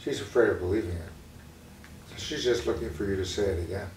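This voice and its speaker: A man, a psychologist being interviewed, speaking in a calm, measured way. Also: lowish voice. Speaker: psychologist guest. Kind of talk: interview conversation. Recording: roomy room sound from a distant mic, faint noise.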